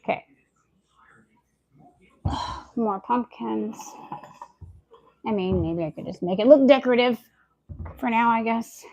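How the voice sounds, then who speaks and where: Indoors at home, a homestead lifestyle vlogger sorts her harvest and does chores while chatting casually to camera, talking aloud both to herself and to her viewers. Her voice is a little high and a little mellow, with vocal fry, a slow pace, and long pauses.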